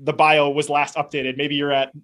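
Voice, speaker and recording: A man's voice: on the high side, level tone, moderate pace, a bit bright. Eager male podcast host. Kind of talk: interview chat.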